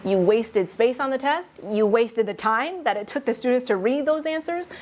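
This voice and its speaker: A woman's voice: on the high side, lively intonation, moderate pace. A woman leading a teaching workshop for faculty, explaining test writing patiently with worked examples and light laughs. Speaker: faculty development presenter.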